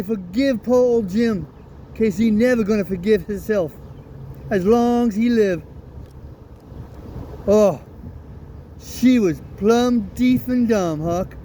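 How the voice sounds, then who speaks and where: A man's voice: sits high, a little mellow, slight background noise. A man reading an audiobook, voicing Jim, a remorseful father telling a painful story in a heavy Southern US dialect.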